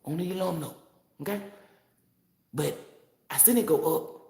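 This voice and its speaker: A woman's voice: lowish voice, normal speed, vocal fry, dark tone, echoey room. A woman giving a casual spiritual monologue as a tarot reader, brash, boastful and profane, laughing often.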